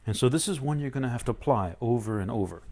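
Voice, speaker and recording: A man giving a live-streamed spiritual talk, animated and playful, often acting out excited inner voices. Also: medium pitch, fast. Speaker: spiritual teacher.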